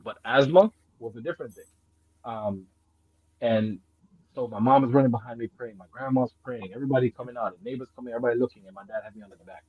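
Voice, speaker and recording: A man who grew up in Jamaica, telling a story in casual chat, swinging between loud excited bursts and low murmurs, laughing and swearing often. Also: fast talker, slightly rough, no echo, narrow, tinny audio. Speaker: guest.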